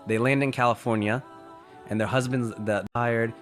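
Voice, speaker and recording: Man, casual storytelling, mid pitch, faint music underneath. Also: fairly even intonation, normal speed, a bit bright. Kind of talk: storytelling talk.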